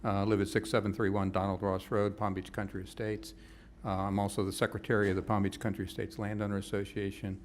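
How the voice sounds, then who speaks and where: A man giving a halting public comment at a county zoning hearing, with many fillers. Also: fairly low pitch, flat delivery, slight background noise.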